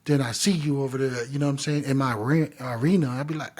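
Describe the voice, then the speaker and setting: A man co-hosting a podcast in casual chat, telling stories in an animated, slangy, profane way. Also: mid-range voice, quick pace, hardly any pauses, slightly rough. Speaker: podcast co-host.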